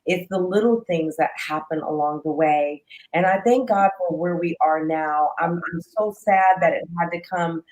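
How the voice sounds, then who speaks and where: A woman's voice: on the low side, normal speed, a little mellow, dull audio. A woman hosting an interview, speaking in a thoughtful, appreciative way. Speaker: host.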